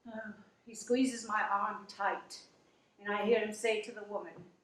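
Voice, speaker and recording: A woman's voice: medium pitch, steady tone, roomy sound, close to an everyday voice, low-quality recording. An actress playing a down-to-earth working wife who finally stands up for herself, telling her story in an earnest, emotional monologue. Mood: sorrowful. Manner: slow, emotional, earnest retelling.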